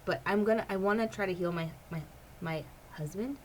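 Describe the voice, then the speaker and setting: A woman's voice: mid-range voice, fairly quick, darkish tone, slight background noise, rough recording. A woman vlogger in casual personal chat, rambling and filling her talk with "like". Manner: rambling, heavy use of "like".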